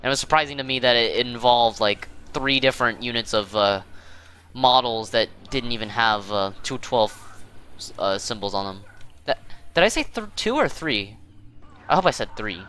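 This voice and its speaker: A man's voice: mid-range voice, expressive, normal speed, pushed and bright, clear, resonant tone. A man hosting casual gameplay commentary, rambling and self-deprecating, with many fillers and restarts. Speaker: gaming channel host.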